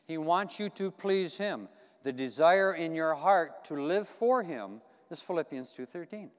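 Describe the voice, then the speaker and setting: A man's voice: a little high, lively intonation, a little slow, clean tone. A man preaching a conversational sermon in a church, folksy and repetitive, asking the congregation questions. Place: church sanctuary. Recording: long hall reverb.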